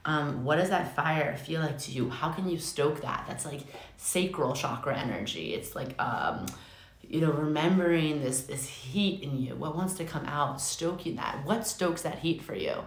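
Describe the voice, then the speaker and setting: A young adult woman giving a casual live tarot reading, chatty and excitable, swearing often. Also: low-pitched, moderate pace. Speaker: tarot reader. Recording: echoey room with faint noise.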